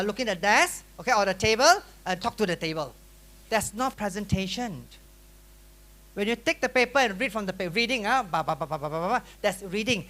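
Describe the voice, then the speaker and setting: Middle-aged Malaysian-accented male teacher, lively and teasing, bright forceful voice. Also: high-pitched. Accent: Malaysian English. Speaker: workshop teacher. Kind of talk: classroom lecture. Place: workshop room.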